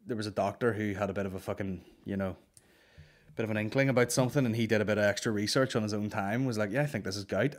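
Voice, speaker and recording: A man in his thirties tells rambling, profane comic stories. His voice sits fairly low, and he keeps it animated and loose. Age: 30s. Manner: swears a lot, rambling, animated. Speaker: podcast host. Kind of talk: casual comedic storytelling.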